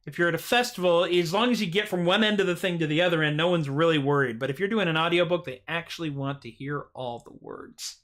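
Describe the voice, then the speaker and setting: A man's voice: on the high side, fast, hardly any pauses, a bit bright. A man hosting his own livestream show, chatting casually between songs with rambling, self-deprecating jokes. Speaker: singer-songwriter host of a livestream show.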